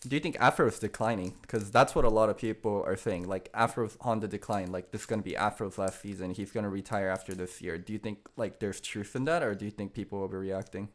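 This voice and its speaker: A man's voice: on the low side, fast talker, hardly any pauses. A man co-hosting a casual podcast who asks the guest direct questions. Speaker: podcast co-host asking questions.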